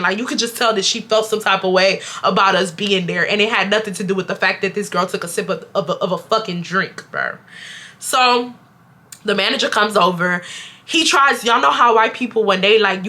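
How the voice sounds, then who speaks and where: A young woman vlogger telling a storytime straight to her viewers, animated and full of slang. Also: mid-range voice, brisk. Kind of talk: storytime chat to camera.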